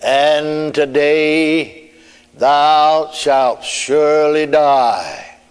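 A man voicing a solemn, disembodied heavenly voice that speaks in slow, drawn-out biblical phrasing. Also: a little high, fairly even intonation, clean tone. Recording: long hall reverb.

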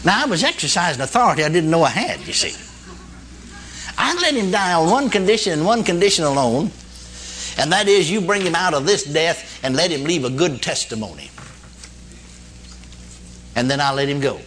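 A man's voice: fairly high pitch, very animated, normal speed, pauses often, a bit bright. A man preaching a sermon to a congregation, telling a story in a folksy way and asking "amen?" and "you see?". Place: church meeting hall before a congregation.

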